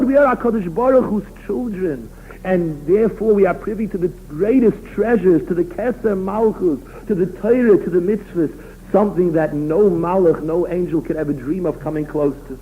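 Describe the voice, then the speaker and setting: A man, a rabbi, giving an expressive sermon full of stories. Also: high voice. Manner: storytelling, expressive, emphatic. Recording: tinny phone-line recording.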